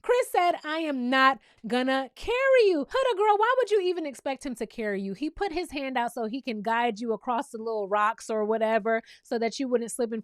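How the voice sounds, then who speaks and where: A woman's voice: sits high, no room sound. A woman hosting a reality TV recap, talking in a sassy, blunt, teasing way with casual, opinionated commentary.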